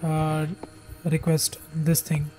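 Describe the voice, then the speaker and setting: A man's voice: fairly high pitch, completely flat delivery, takes it slowly, mellow, soft background music. A man doing jokey, swearing commentary while playing a horror game. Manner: jokey, swearing, mock-scared. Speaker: gaming streamer. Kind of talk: let's play commentary.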